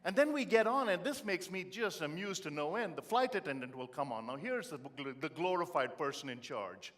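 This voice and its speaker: A man's voice: a little high, big pitch swings, normal speed. Brief: middle-aged male motivational speaker from India, comic and punchy. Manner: punchy storytelling, swings from loud to quiet. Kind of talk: humorous motivational speech.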